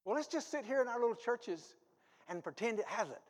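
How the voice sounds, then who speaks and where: A man preaching a sermon as pastor, shifting from quiet asides to loud exhortation, with self-deprecating humor. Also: a little fast, big-room sound. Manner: animated, swings from low asides to loud exhortation; self-deprecating humor, reads ads aloud for laughs. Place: church sanctuary.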